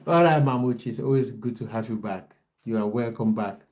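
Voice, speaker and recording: A young man hosts a relaxed football livestream, talking to his viewers in a warm, mellow voice. He chats loosely, breaks off often and restarts his sentences, and reads out their comments as they arrive. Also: mid-range voice, a little fast. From based in the United Kingdom. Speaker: football coach and livestream host. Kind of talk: casual livestream chat with viewers.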